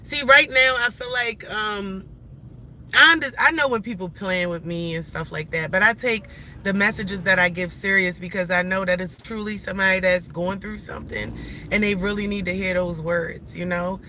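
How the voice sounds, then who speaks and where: Here a forties-aged woman chats casually with her livestream audience from in or near a car stuck in traffic. Her voice sits in the mid-range with fairly even intonation, normal speed, and a sharp tone, while her blunt, emphatic delivery rambles in slang and keeps restarting. Some light background noise comes through.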